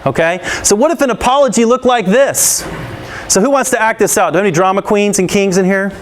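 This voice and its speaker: This fast-talking man has a high voice and delivers an anti-bullying session to schoolchildren that keeps them involved. He fires question after question at the audience, laughs a lot and acts out scenes in an engaging way.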